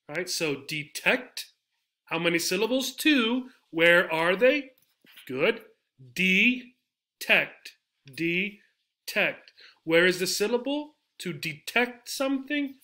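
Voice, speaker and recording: Slow, bright-voiced man teaching. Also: on the high side. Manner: slow and patient, repeats model words several times. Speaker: English teacher. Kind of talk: slide-based pronunciation lesson.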